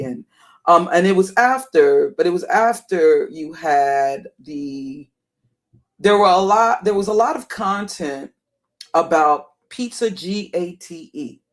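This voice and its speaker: A middle-aged woman with a deep alto voice, hoarse and worn, rambling through casual live-stream commentary and greeting viewers by name. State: hoarse, voice wearing out.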